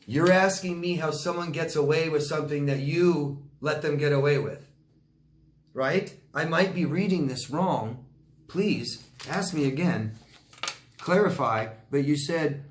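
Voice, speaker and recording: A man's voice: mid-range voice, roomy sound. A man giving blunt relationship advice as a coach, answering viewer questions and acting out quoted people. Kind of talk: Q&A advice talk.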